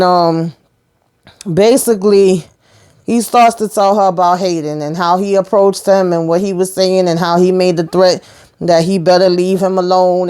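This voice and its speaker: Woman, lower voice, chatty recap host, retells scenes. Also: dark tone, clean tone. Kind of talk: casual episode recap.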